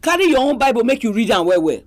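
A woman's voice: a little high, big pitch swings, quick pace. A woman with a Nigerian accent preaching a sermon, exhorting her listeners with pointed rhetorical questions.

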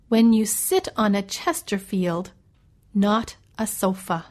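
A middle-aged Canadian woman with a Canadian accent, teaching English in a slow, careful way and reading a list aloud. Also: medium pitch. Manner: slow and clearly spoken, reads a list aloud.

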